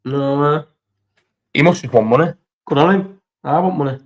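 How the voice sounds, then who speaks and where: A man's voice: fairly high pitch, normal speed. A young man hosting a casual live chat into his phone, sweary and rambling as he banters with viewers' comments. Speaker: live stream host.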